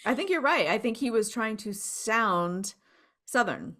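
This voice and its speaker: A woman's voice: a little high, expressive, a little slow, bright, forceful tone. A woman co-hosting a podcast in a casual chat, talking freely and laughing often between sentences. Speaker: podcast co-host.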